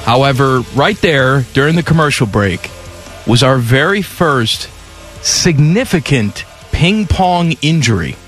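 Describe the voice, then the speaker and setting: A man's voice: medium pitch, animated, measured pace, fairly bright tone, faint music behind. A man hosting a sports radio show, joking and bantering casually. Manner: playful, joking.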